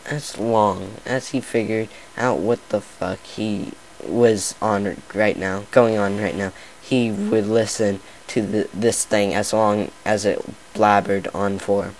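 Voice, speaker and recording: A man's voice: lowish voice, steady tone, slow pace, slight background noise, low-quality recording. A man casually reading a fan fiction story aloud, often stumbling and restarting his words. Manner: stumbling, many fillers and restarts. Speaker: story reader.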